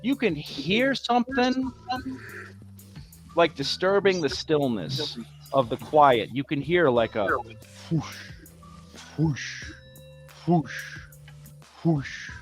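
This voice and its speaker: A man acts as game master for an online tabletop game. His voice sits slightly high, and he describes each scene calmly, with plenty of "uh"s along the way. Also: slow, long pauses, soft background music. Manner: relaxed, descriptive, with frequent fillers.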